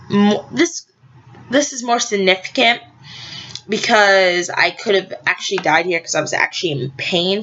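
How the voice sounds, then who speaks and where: A woman's voice: mid-range voice, sharp tone, highs cut off. A teenage girl vlogging, telling a story to camera in a rambling, chatty way, correcting herself and talking to her viewers. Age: teens.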